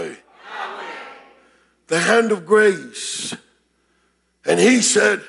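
High, gravelly preaching pastor, man. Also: very slow, long pauses, some chatter behind. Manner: shouts and repeats phrases, calls to congregation. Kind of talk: sermon. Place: church sanctuary.

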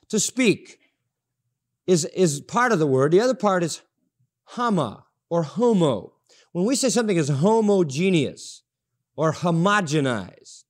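A man preaching a sermon, emphatic and repeating key phrases for stress. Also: a little high. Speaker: pastor. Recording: audio-only sermon recording.

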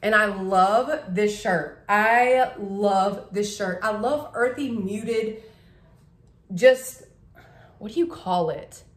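A woman's voice: mid-range voice, slow. A woman chatting casually to camera, gushing about things she bought and tripping over her words. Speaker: vlogger showing a shopping haul. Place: home living room. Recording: echoey room.

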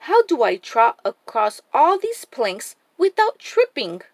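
A woman's voice: sits high, sing-song, slow pace, no room sound, heavily acted. A woman voicing a timid young pony who sounds hesitant and nervous in a storybook read-aloud.

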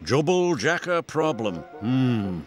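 A British man voicing a portly, businesslike older male railway boss with brisk, grumbling authority. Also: mid-range voice, very animated, fairly bright tone, soft background music. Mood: pleased.

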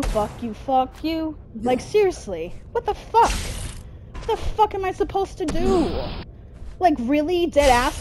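High, lively woman cursing at a game. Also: background noise. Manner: constant angry cursing at the game. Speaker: gamer. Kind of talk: frustrated gameplay commentary.

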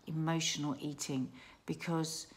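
A middle-aged woman chatting warmly in a casual family vlog, emotional and restarting her sentences as she talks. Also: low voice, steady tone, measured pace, a little hiss or hum. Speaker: vlogger. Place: garden outdoors.

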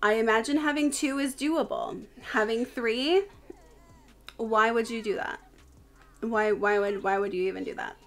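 Slow, gravelly-voiced woman streamer. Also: fairly high pitch, steady tone. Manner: chatty, talks to her game characters. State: tired. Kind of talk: live gameplay commentary.

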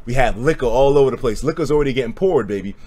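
A man livestreaming and casually telling stories, profane and animated, often breaking into laughter. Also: mid-range voice, rapid-fire.

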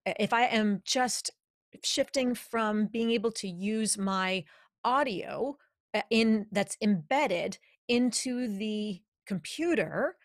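A woman coaches her listeners in an energetic, emphatic podcast talk, leaning hard on key words to make her point. Her voice sits at an ordinary middle pitch for a woman. It is captured close on a studio podcast microphone in a home studio, with a very dry sound and no room echo.

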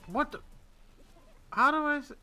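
A man giving casual gameplay commentary, excitable and swearing, jumping between loud yelps and muttered grumbles. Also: extremely high pitch, a little slow, soft background music. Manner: swears and trash-talks the game. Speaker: gaming channel host.

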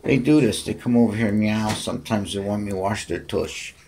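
A man filming at home, cooing to his cats in high baby talk with chatty asides, recorded on a handheld phone. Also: brisk, darkish tone, slight background noise. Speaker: cat owner filming his pets. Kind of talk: casual home video, talking to cats. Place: home bathroom, indoors.

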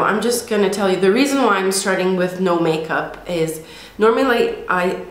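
Woman, slightly low, blocked-nose cold; casual, hesitant beauty vlogger in a reverberant room. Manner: chatty and hesitant, many ums. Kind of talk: casual makeup review. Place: home, in daylight.

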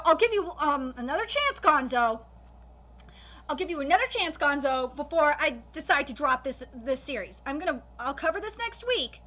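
High, bright-voiced woman ranting. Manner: frequent swearing, halting restarts; exasperated and emphatic. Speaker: anime reaction host. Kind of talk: live reaction and critique.

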